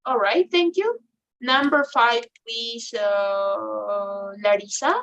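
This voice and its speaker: A woman teaching an English class online, talking slowly with many fillers and restarts. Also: fairly high pitch, a bit bright, highs cut off. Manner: slow, hesitant, non-native English with many fillers.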